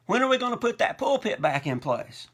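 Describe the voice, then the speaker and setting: A woman's voice: fairly high pitch, sing-song, a little fast, husky, pitched above the performer's own voice. A male pastor voicing an elderly woman from his congregation, stubborn and indignant, with a raised, insistent voice.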